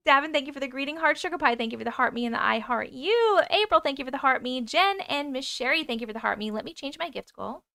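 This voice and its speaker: A woman hosting a casual livestream, chatting with viewers and rattling off quick thank-yous for gifts, excitable and prone to laughing and swearing. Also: high voice, vocal fry, dry recording, clean studio sound. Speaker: livestream host. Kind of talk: casual livestream chat, reading comments and thanking gifters.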